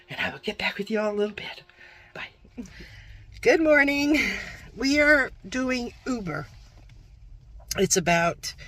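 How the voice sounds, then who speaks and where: A woman's voice: fairly high pitch, a bit bright. An older woman vlogger chatting casually and rambling as she shows her grocery haul, a bit self-deprecating.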